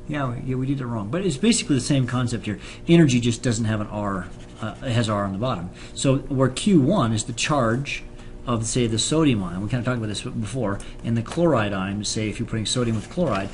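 A man's voice: mid-range voice, a little mellow, slight background noise. Casual male chemistry teacher. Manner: casual and joking, explains with fillers and restarts. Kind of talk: classroom lecture video with banter.

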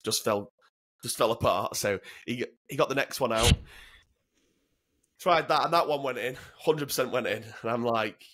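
This guest is a British ex-serviceman in his 30s with a plain, fairly bright mid-range voice. A casual storyteller, he's blunt and sweary and keeps laughing as he talks.

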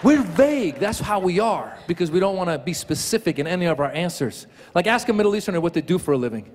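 A man performing a stand-up comedy set in a large theater, animated and playful, slipping into voices as he tells his jokes. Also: high voice, fast talker, big-room sound, slight background noise. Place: large theater with a live audience. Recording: live stage recording with loud audience.

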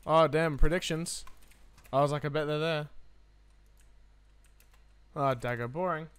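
Man, game streamer, live play, excitable, chatty, slightly high voice. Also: unhurried, clear, resonant tone, no room sound. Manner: excitable, chatty, talks to viewers while playing.

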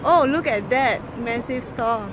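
A woman's voice: on the high side, takes it slowly. A young woman from Singapore, chatting and giggling as she narrates a vlog to the camera on a city street. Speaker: vlogger. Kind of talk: casual vlog chat. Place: city street at night, outdoors. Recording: street traffic noise.

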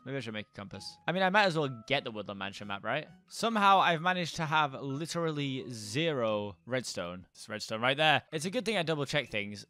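A young man commentating a Minecraft let's play in an excitable way, yelping and gasping and tossing in quick jokey asides. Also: fairly high pitch. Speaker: gaming YouTuber.

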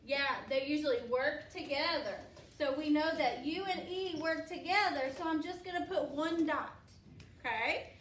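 A woman's voice: high voice, moderate pace, a bit bright, slight background noise. Female classroom teacher, encouraging and patient, recorded far off in a roomy space. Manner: patient, encouraging, call-and-response questioning. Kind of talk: classroom phonics lesson.

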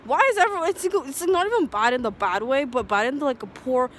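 Brief: woman, higher-pitched voice, profane rambling rant, faint street traffic behind. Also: lively intonation, fast. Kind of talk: casual ranting monologue.

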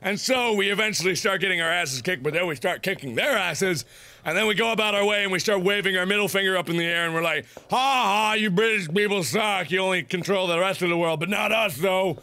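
A man in his twenties hosting a gaming video, loud and goofy, ranting and rambling between frustrated outbursts. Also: high voice, fairly quick, gravelly. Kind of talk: let's play commentary.

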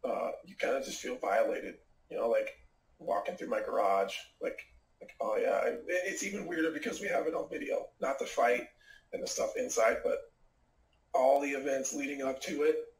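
Speaking at normal speed with an expressive, medium-pitched voice, a middle-aged man who fights professionally shares something from his own life. It's a loose interview in a room with echo, and he wanders, filling gaps with plenty of fillers.

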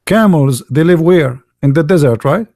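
A channel host with a fairly high, slightly mellow voice speaks at a moderate pace with lively intonation. He delivers a mocking polemical monologue, posing rhetorical questions and repeating words for emphasis. The sound is clean studio audio with no room sound.

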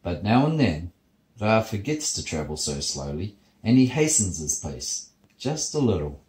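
A man, a father reading a bedtime story steadily and gently in his child's bedroom. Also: lowish voice, very animated, unhurried, reverberant, poor audio.

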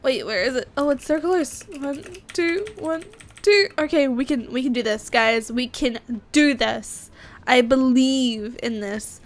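A young woman casually commenting on her gameplay, excitable and chatty, often squealing with surprise. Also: on the high side, a little slow. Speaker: gaming YouTuber. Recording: faint game music behind.

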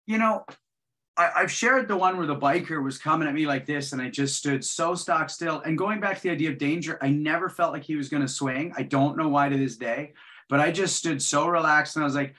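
A man telling martial arts stories in a lively, animated way, acting out the voices of the people in them. His voice is bright and forceful and sits a little high. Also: fairly quick. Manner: animated storyteller, acts out quotes. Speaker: guest martial artist. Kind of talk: casual chat.

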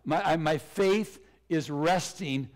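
A male pastor preaching a sermon with a hoarse, cracking voice, speaking earnestly with repetition. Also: a little high, takes it slowly. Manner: earnest, repetitive preaching with self-deprecating laughs.

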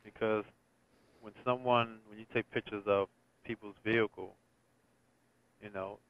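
A man's voice: on the low side, fairly even intonation, a little slow. A man working as a police detective, taking a complaint by phone, curt and impatient. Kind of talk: phone call. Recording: smooth dry phone line.

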